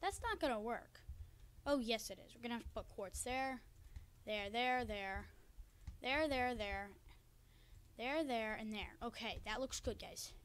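A woman giving chatty, excitable commentary to viewers while playing a game at home, on a cheap desk microphone. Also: fairly high pitch, unhurried, pauses often, clean tone. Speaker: gaming video creator. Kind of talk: casual Let's Play commentary. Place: home room by a window.

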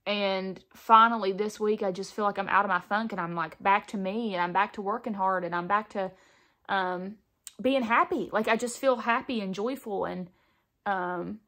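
A woman's voice: mid-range voice, a bit bright. Chatty young woman doing her makeup. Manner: chatty, filler-heavy, candid and confiding. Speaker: beauty vlogger. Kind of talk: casual get-ready-with-me chat. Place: indoors at home, doing makeup on camera.

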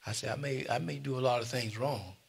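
Older male pastor, husky edge, sermon delivery with sudden loud emphasis. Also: mid-range voice, fairly quick. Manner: preaching with sudden loud emphasis and asides to the congregation. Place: church.

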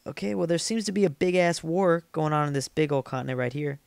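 A man's voice: a little high, fast, gravelly, clean tone, no echo. A man casually commenting while playing a strategy game, rambling and poking fun at himself as he thinks aloud. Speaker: let's play gamer.

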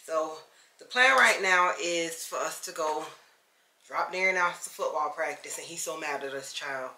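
Casual woman vlogger at home, bright voice, lots of room echo. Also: deep voice, moderate pace, slight background noise. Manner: chatty and easygoing, calls the viewer "child". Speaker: lifestyle vlogger. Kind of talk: casual chat to camera. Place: home, indoors. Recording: echoey room.

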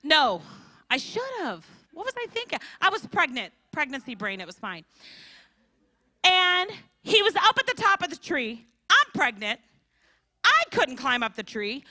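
A woman preaches at a women's conference, and her voice sits high and swings widely in pitch. Her tone is bright, and she acts out the people in her stories. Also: measured pace, no room sound. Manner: animated storytelling with acted-out voices. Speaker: conference speaker. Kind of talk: sermon.

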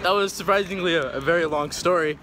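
A young man vlogging on his phone outdoors by the ocean, excitable and quick to exclaim at his friends. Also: fairly high pitch. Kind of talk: casual vlog chat. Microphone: phone camera. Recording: noisy outdoor phone recording.

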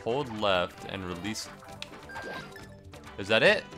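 A man streaming a game, giving energetic, joking commentary and swearing freely. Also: on the low side, slow pace, music in the background. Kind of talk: casual gameplay commentary.

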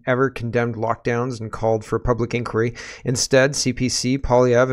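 An animated man in his forties delivers a casual commentary monologue. He keeps a mid-range voice and often chuckles between his points. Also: mid-range voice. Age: 40s. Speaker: political commentary host.

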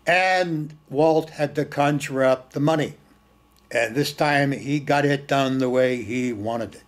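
Speaking a little slowly in a mid-range voice, a film screening host spins informal, animated stories. He repeats words to stress them and slips in the occasional blunt, earthy comment.

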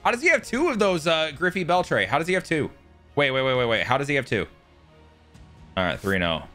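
Excitable male gamer narrating his own match, bright and animated, loud on big moments. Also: fairly high pitch, brisk, faint music behind. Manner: excitable, swears, yells at big plays. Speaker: gaming YouTuber. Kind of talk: live gameplay commentary.

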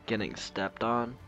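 A man's voice: fairly low pitch, pushed and bright, dry recording. A young man in casual gaming chat, laid-back and swearing a lot, talking into a headset. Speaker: gamer.

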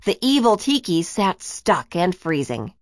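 A woman reads a children's storybook aloud with expressive, animated delivery. Her pitch swoops and dances through the lines. The sound is dry and close. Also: a little slow, no room sound. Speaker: narrator.

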